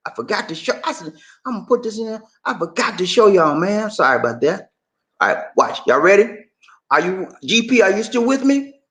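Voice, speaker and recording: A man's voice: on the high side, a bit bright, low-quality recording. A man talks loosely to his livestream viewers and keeps calling them y'all. His voice moves a lot, rising and falling as he talks. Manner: chatty, addresses viewers as y'all. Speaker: livestream host. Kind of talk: casual livestream talk.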